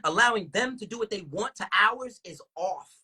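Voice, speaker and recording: Animated, husky-voiced woman ranting. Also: medium pitch, normal speed. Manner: animated, profane, heavy use of rhetorical questions. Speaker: livestream host. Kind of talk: casual livestream rant.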